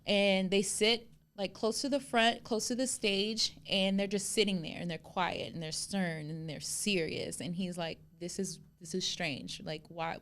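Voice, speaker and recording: A woman's voice: medium pitch, steady tone, unhurried, few pauses, a bit bright, smooth. A woman co-hosting a podcast, telling a story in casual chat, acting out quotes and swearing freely. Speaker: podcast co-host.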